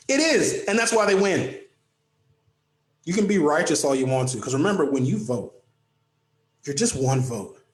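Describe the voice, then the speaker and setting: A man's voice: mid-range voice, darkish tone, roomy sound. A man hosting his own political talk show, delivering an impassioned, preachy monologue with sarcastic asides.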